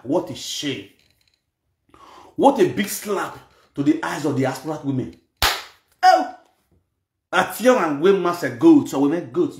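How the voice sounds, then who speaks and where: A man's voice: fairly high pitch, darkish tone. A man speaking in a Nigerian Pidgin accent, giving mocking, scolding gossip commentary and repeating lines for emphasis. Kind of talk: ranting commentary. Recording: echoey room.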